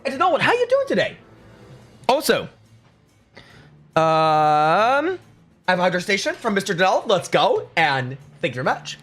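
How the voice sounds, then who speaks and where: A man's voice: high voice, wildly swooping pitch, normal speed, long pauses, fairly bright tone, soft background music. A man chatting casually with his live stream chat, reading out and answering messages. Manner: chatty, reads chat aloud, upbeat. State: chewing food at times. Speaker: livestreamer.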